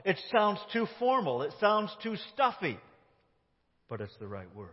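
A man with an American accent preaching a sermon as pastor, swinging from loud emphasis to soft, quiet phrases. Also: high-pitched, wildly swooping pitch, measured pace, in a large hall, dull audio. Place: church sanctuary.

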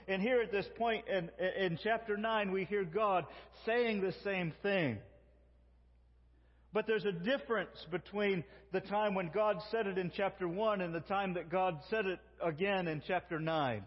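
A man preaching a sermon in an earnest way, slowing down to quote God's words. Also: high-pitched, big-room sound, lo-fi sound. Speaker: pastor.

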